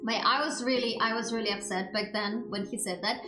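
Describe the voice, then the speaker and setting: A woman's voice: a little high, fairly even intonation, fairly quick. A woman streamer in casual chat, ranting and swearing in exasperation. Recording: roomy echo with background music. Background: background music.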